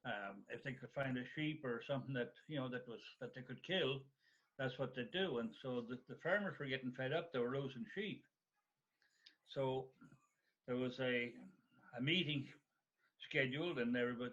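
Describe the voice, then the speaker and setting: A man's voice: mid-range voice, a bit bright. An older man tells a rambling, folksy local story in an easygoing way. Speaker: guest storyteller. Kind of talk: casual spoken anecdote. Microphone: video call. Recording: dull lo-fi video call audio.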